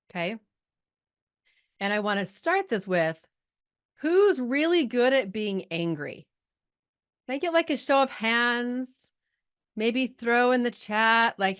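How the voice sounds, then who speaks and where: A middle-aged woman coaching a group over a video call, chatty and lively, holding back tears at times. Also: fairly high pitch, smooth. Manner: chatty, lively, talks to the chat audience. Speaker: life coach hosting a live group call. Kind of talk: casual coaching talk.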